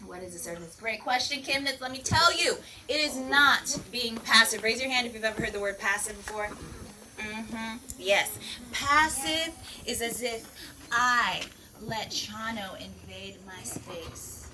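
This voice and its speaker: A woman teaching children outdoors in a lively, playful way, calling the kids "my people" and "y'all.". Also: fairly high pitch, moderate pace, recorded from a distance, slight background noise, poor audio. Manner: energetic, playful, calls the crowd "my people" and "y'all". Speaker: peace educator teaching children.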